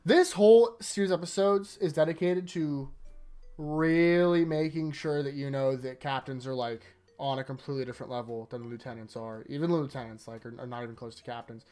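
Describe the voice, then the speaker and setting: A man's voice: mid-range voice, fairly quick, smooth. A man hosting an anime rewatch, recapping episodes in a rambling, casual way full of fillers. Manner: rambling, filler-heavy, animated retelling.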